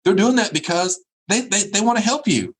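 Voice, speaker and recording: Husky, lively motivational keynote man. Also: sits high, moderate pace. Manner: preachy, emphatic with repeated phrases. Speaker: keynote speaker.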